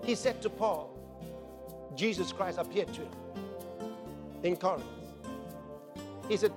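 A man preaching a sermon in an animated way, laughing and raising his voice to shouts. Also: high-pitched, unhurried, long pauses. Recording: long hall reverb with faint music.

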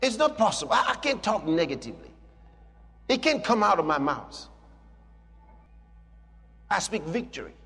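A man's voice: high voice, sing-song, moderate pace, pauses often, a bit bright, in a large hall, faint music behind. A man preaching a sermon with emphatic, repetitive declarations.

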